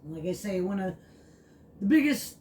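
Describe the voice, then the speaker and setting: A woman explaining puppy training in a casual, chatty way, full of fillers, switching to high baby talk for the dog. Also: big pitch swings, normal speed, a little mellow. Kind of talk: casual vlog narration. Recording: distant mic with clear background noise.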